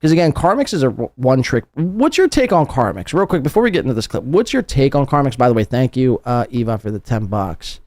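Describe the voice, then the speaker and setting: A man hosting a casual podcast, teasing his guest and swearing freely with quick laughs. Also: mid-range voice, sing-song, darkish tone, no room sound, clean studio sound. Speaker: podcast host.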